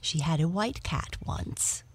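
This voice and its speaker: A woman voicing a friendly, polite female yellow cat who calmly reassures her new friend in a storybook reading. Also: deep voice, slow, husky, exaggerated voice. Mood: reassuring.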